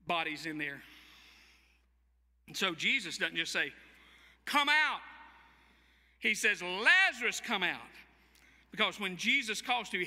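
A man's voice: high-pitched, sharp tone. A man preaching a sermon as pastor of a church, with a Southern American accent, telling the story vividly and acting out the quoted voices. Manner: storytelling, dramatic voicing of quoted speech. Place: church sanctuary. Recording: long church hall reverb.

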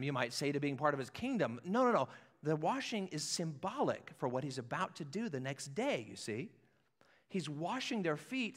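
A man preaching a sermon as pastor, animated and conversational, acting out scripture scenes. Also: fairly high pitch. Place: church sanctuary with balcony. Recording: echoey church hall.

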